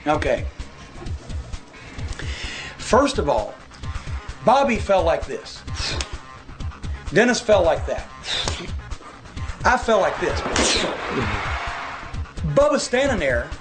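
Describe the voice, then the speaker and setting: Guy telling a wild story, swears a lot, kinda high voice, soft music behind. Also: takes it slowly, pauses often. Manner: profane, animated anecdote-telling. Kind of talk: casual storytelling.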